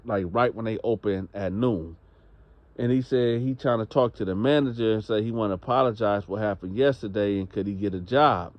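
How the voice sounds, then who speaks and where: A man's voice: on the low side, no echo, dull audio. A man narrating a story in a loose, slangy, conversational way.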